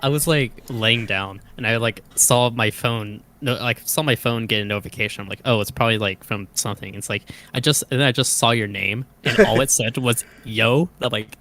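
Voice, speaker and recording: Joking mid-pitched man on a podcast. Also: a little fast, few pauses, sharp tone. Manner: joking, teasing, chatty storyteller. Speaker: podcast guest. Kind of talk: casual chat.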